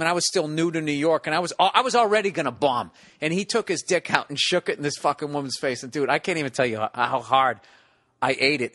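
A man telling a stand-up story in casual podcast chat, profane and animated, acting out the people in it. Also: fairly high pitch, no room sound, clean studio sound.

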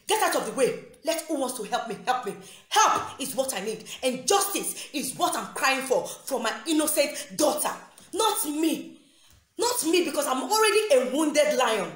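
A woman's voice: high-pitched, animated, moderate pace, fairly bright tone. A Nigerian woman and mother in a heated, repetitive, confrontational rant. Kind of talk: angry direct-address rant. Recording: roomy echo with faint music.

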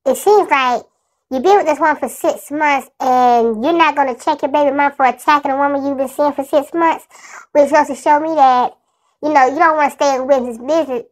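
High-voiced lady giving blunt no-nonsense commentary, just talking casual. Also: normal speed, low-quality recording. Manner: blunt, plain-spoken, laughs freely. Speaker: commentator reacting to a radio clip.

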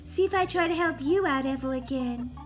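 A woman's voice: sits high, a little fast, over loud music, close to an everyday voice. Daisy, a woman playing an earnest kid sister. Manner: earnest and easily offended. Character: polite, helpful young sister Daisy.

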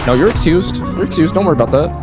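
A man doing excitable let's play commentary at his gaming setup, trash-talking game characters and yelling when startled. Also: on the high side, rapid-fire, over loud music. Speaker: gaming YouTuber.

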